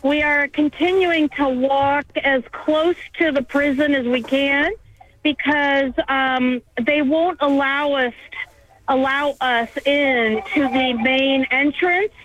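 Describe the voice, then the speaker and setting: A woman's voice: high voice, steady tone, slow pace, fairly bright tone, poor audio. A woman activist giving an earnest, emphatic interview while out of breath from marching. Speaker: activist guest.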